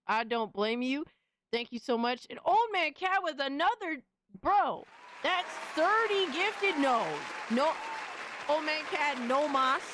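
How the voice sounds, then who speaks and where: A woman's voice: sits high, lively intonation, takes it slowly, fairly bright tone, a faint crowd, slight background noise. A young adult woman hosting a live stream in casual chat. She swears freely and coos at her cat.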